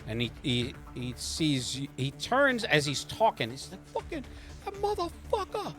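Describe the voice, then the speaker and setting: A male game master describes the scene in a tabletop game, circling back and hunting for words. His pitch moves up and down a lot as he narrates. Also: very animated, unhurried, a bit bright, faint music behind. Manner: rambling, many fillers and restarts.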